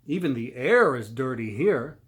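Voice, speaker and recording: A man's voice: mid-range voice, sing-song, unhurried. A man voicing a small male pig who loves mud, reading it aloud from a storybook and squealing when startled. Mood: excited.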